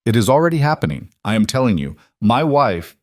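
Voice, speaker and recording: A man's voice: medium pitch, very animated, brisk, no room sound, studio quality. A man voicing a sly, worldly older Greek mob boss with a Greek accent, speaking in a confiding, insistent way.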